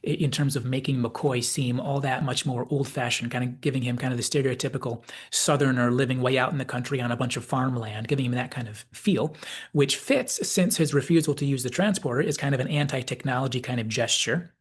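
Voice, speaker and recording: Husky man hosting a rambling, reflective episode analysis; mid pitch. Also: a little fast. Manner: thoughtful, digressive, with many hedges. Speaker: channel host, commentator.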